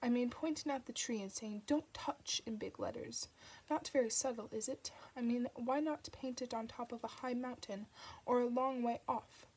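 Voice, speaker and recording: A woman's voice: fairly high pitch, fairly even intonation, moderate pace, a little mellow, husky. A woman voicing a sly, sarcastic male demon in an audiobook, wry and teasing. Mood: sardonic. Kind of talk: audiobook reading.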